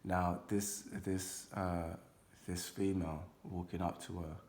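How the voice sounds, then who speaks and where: A young man talks his viewers through an intuitive card reading in a loose, rambling way, sprinkling in casual swearing. His voice sits deep and low. It stays level, with little rise and fall. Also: flat delivery, slow, a little mellow.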